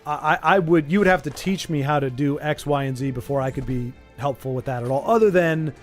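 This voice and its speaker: Casual streamer man, fairly high voice, rambling chat over quiet music. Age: adult with a young child. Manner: rambling, animated, does quick silly voices. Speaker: streamer hosting an interview.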